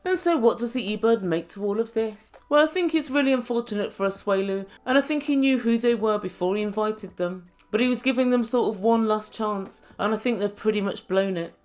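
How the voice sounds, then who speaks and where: A woman's voice: medium pitch, a little fast, few pauses, a little mellow. A woman reviewing a reality show, chatty and wry with sarcastic asides. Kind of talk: casual recap commentary.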